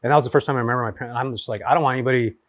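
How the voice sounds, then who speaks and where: A man in his forties from California, a guest telling stories at his home in a casual chat, rapid and full of fillers. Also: mid-range voice, dry recording. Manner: rapid, animated storyteller with many fillers. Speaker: guest, real estate investor.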